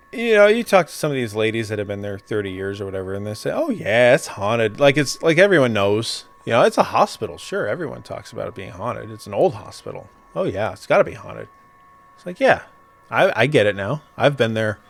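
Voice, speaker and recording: A man's voice: medium pitch, vocal fry. A young adult man in casual chat, telling a ghost story with swearing and laughter.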